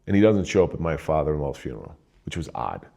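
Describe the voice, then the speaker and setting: A man's voice: a bass voice, very animated, fast talker, vocal fry, mellow. An older man from New Jersey, a retired police officer, telling a somber personal story in a plain-spoken way.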